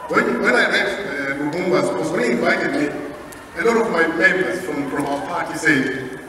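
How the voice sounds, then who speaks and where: A man's voice: on the high side, normal speed. Impassioned man speaking in an echoey hall. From Zimbabwe. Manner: earnest and impassioned, with hesitations. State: emotional. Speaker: guest speaker. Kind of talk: public meeting speech. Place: large civic hall. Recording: echoey hall, voice from far off, audible noise.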